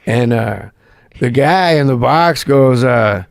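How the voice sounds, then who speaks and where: A man's voice: mid-range voice, slow pace, gravelly. A man telling comedy-writing stories as a podcast guest, acting out quotes, swearing and laughing often. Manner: excitable storyteller who acts out quotes, laughs and swears often. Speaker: guest, former comedy sketch writer. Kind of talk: animated anecdote telling in a podcast chat.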